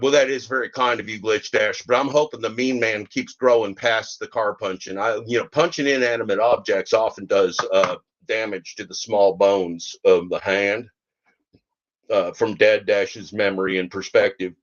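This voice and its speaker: Rambling low-voiced man, lo-fi sound. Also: normal speed. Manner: rambling, joking, folksy grammar. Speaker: podcast host. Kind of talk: rambling comic monologue.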